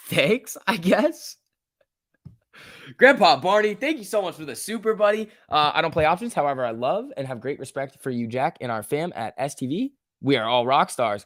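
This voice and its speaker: A young man hosting a casual stock trading livestream, joking and reading chat aloud, his voice swinging between loud and soft. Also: mid-range voice, dry recording, clean studio sound.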